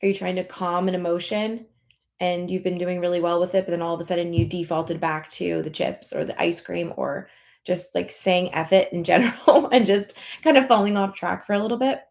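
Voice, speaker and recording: A woman's voice: lowish voice, fairly even intonation, brisk, creaky, darkish tone. A woman weight loss coach talking casually in a members-only live session, encouraging listeners and acting out their inner thoughts.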